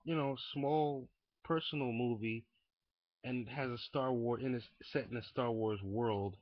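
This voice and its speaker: A young man ranting casually into a webcam indoors, profane and rambling, swinging from muttering to shouting. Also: medium pitch, steady tone, unhurried, dry recording. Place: indoors at home. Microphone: webcam mic. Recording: dull lo-fi webcam audio.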